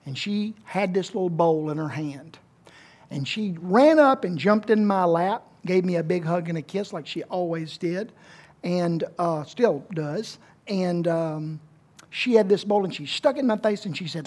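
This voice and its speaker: A man in his fifties, a pastor preaching a sermon in a church, telling a story with big swings in pitch and loudness. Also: lively intonation, normal speed. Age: 50s.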